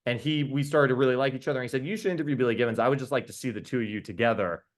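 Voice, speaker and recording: A man, a podcast host, telling stories in casual chat as a guest, animated and enthusiastic with quick restarts. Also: medium pitch. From New York. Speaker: podcast host being interviewed. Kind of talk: casual storytelling.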